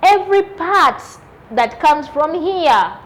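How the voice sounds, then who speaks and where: Woman, primary teacher, high and animated, quizzing young kids, spells words aloud. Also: takes it slowly. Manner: questioning, repeats and spells words out. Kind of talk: children's lesson.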